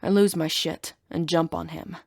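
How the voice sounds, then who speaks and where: Woman reading a fantasy audiobook, low voice, dry close sound, kinda sarcastic. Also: fairly even intonation, normal speed, gravelly, dry recording. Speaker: audiobook narrator. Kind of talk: first-person audiobook narration.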